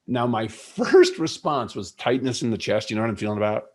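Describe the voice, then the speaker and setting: A middle-aged leadership coach, appearing as a guest, tells a personal story earnestly and reflectively, using many fillers in a conversational storytelling interview. His mid-range voice swings widely in pitch, and he speaks briskly.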